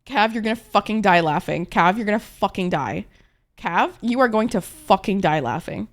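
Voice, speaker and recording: A woman's voice: medium pitch, animated, normal speed. A young adult woman streaming, chatting casually with her viewers in a playful, rambling, profane way, often laughing.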